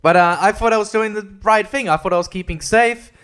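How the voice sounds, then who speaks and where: A man's voice: high-pitched, fairly quick, fairly bright tone, clean tone. A young man hosting a rambling solo podcast, sarcastic and full of fillers. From Australia. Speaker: podcast host.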